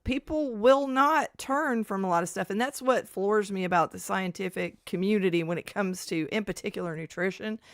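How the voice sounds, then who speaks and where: A woman co-hosting a casual health chat, telling stories in an animated, rambling, exclamatory way. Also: medium pitch, no room sound, studio quality. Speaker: co-host.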